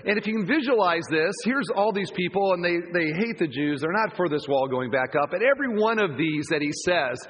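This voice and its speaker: A man preaching a sermon as pastor, telling the story vividly with lively asides. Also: sits high, brisk, hardly any pauses, husky. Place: church campus auditorium. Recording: long church hall reverb.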